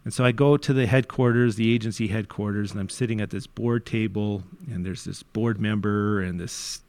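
A man from Canada, a youth worker, telling his story in a candid interview, animated and switching between hushed and forceful moments, with frequent restarts. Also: lowish voice, normal speed, no room sound.

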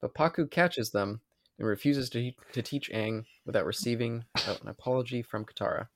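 A man's voice: mid-range voice, brisk, no echo. Tipsy man reading a recap, dry sound. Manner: stumbling, restarting and swearing at his own slips. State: tipsy from wine. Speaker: podcast host. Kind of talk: reading an episode recap on a podcast.

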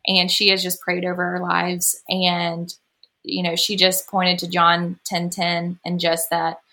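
A woman's voice: fairly low pitch, completely flat delivery, measured pace, bright, forceful tone. A woman, a podcast guest talking through a personal story in a chatty way and laughing often. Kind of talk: casual storytelling.

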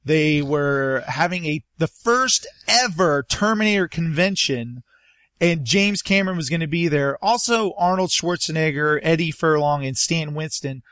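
A man hosting a casual talk show, taking calls and rambling excitedly through stories. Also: fairly high pitch, measured pace, no room sound, clean studio sound. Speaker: show host. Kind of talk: casual podcast chat.

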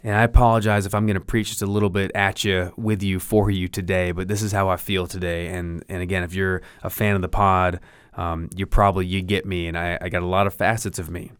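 A man's voice: low-pitched, little pitch movement, brisk, fairly bright tone, smooth, dry recording. A middle-aged man hosting a podcast, talking earnestly in a slightly preachy, encouraging monologue close to the mic. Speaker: podcast host.

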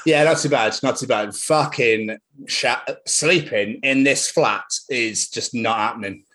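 A young man co-hosting a podcast in casual chat from his flat, excitable and sweary, often laughing. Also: mid-range voice, unhurried. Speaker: podcast co-host. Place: hot flat.

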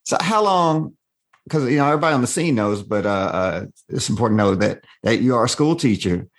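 A man's voice: mid-range voice, animated, brisk. A man hosting a podcast who laughs easily and asks short, casual questions of his guest. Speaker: podcast host. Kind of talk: casual interview chat.

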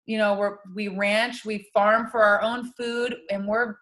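A woman co-hosting a podcast in casual chat, talkative and quick to laugh, swearing offhandedly. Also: mid-range voice, flat delivery, a bit bright. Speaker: podcast co-host.

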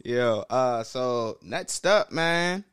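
A man's voice: mid-range voice, expressive, extremely slow, a bit bright, smooth, no room sound. A young man with a Baltimore accent, co-hosting a casual chat, laughing often and cursing freely. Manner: laughing, loose and profane. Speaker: podcast co-host.

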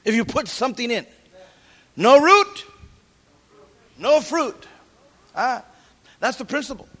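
A middle-aged man preaching a sermon as pastor, animated, quoting scripture and cracking jokes. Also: very high-pitched, normal speed.

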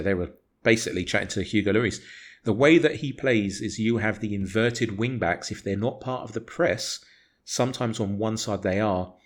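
Low-voiced, fired-up man. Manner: passionate, argumentative, swears freely. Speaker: podcast co-host. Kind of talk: casual football podcast chat.

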